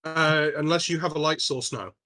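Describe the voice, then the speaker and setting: A man's voice: on the high side, steady tone, normal speed, sharp tone. A man as game master of a tabletop game, patiently explaining rules with frequent restarts. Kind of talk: running a tabletop game online.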